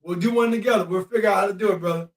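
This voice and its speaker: A high-voiced podcast host provides live commentary while watching a game, excitable and shouting at the refs and players. The mic is distant, so he sounds set back in an echoey room.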